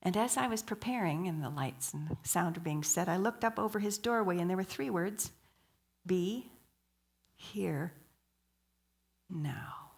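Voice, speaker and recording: A woman's voice: fairly low pitch, brisk, hardly any pauses. A woman giving a sermon at a church, telling stories, asking the audience questions and dropping to a whisper for emphasis. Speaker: guest speaker.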